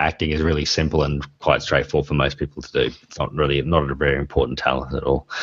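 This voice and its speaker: A low-voiced man in his forties hosts a podcast, chatting casually, telling rambling stories and laughing often. The recording is dry, dull and lo-fi.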